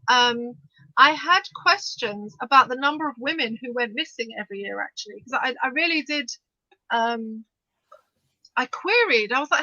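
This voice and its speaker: A woman co-hosting a podcast, talking fast and animatedly in bursts, with frequent restarts as she discusses the news. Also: fairly high pitch, pushed and bright, no echo. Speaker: podcast co-host. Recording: dull, dry lo-fi sound.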